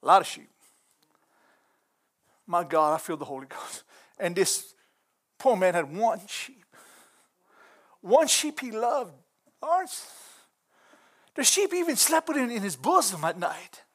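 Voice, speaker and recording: High-voiced, fervent male preacher. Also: sing-song, unhurried, pauses often. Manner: impassioned, fervent exclamations, rising to shouts. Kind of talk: sermon.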